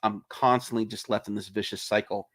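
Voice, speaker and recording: A man's voice: on the low side, brisk, dry recording, studio quality. A man, an indie filmmaker, chatting casually and ranting with plenty of swearing, sometimes acting out quoted lines in a raised voice. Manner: ranting, profane, animated. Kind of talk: casual livestream chat.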